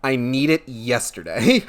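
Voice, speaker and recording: A young man giving let's play commentary, talking in an excited, laughing, emphatic way. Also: medium pitch, a little slow. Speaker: streamer.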